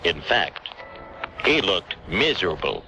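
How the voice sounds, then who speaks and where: A male radio host reading a children's story aloud in a slow, deliberate, mock-solemn way, drawing out the repeated phrases. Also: sits low, big pitch swings, dull audio. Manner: slow, deliberate, drawn-out repetition. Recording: radio broadcast over a music bed.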